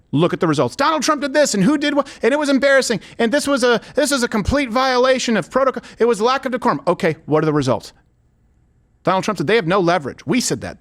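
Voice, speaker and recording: A man hosting a political commentary show, sarcastic, forceful and opinionated. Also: fairly high pitch. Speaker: host.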